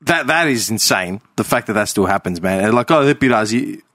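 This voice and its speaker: A man's voice: lowish voice, lively intonation, fairly quick, fairly bright tone, no room sound, clean studio sound. A man ranting in casual podcast chat, often adding "man" and "right?". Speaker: podcast host.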